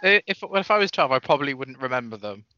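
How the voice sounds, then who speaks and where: A speaker with a Welsh accent in casual chat, blunt and deadpan. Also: mid-range voice, fast talker, no room sound. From Wales. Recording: dry, slightly dull audio.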